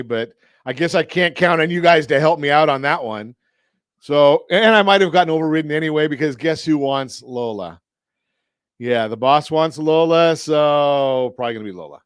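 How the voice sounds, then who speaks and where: A man's voice: a little high, moderate pace, clean tone, no room sound, studio quality. A man hosting a radio talk show, rambling chattily with joking asides. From Southern California. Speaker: radio host. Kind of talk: casual talk radio monologue.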